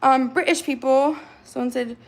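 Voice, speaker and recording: Chatting on a livestream from her apartment, a twenty-something woman speaks in a high, steady voice at a moderate pace, with a little hiss or hum in the audio. She rambles while reading comments, saying "like" a lot.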